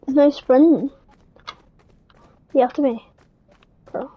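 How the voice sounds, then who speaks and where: A woman's voice: sits high, fairly even intonation, slow pace, dry recording, highs cut off. A woman gamer giving casual commentary on a horror game, full of jumpy, startled exclamations.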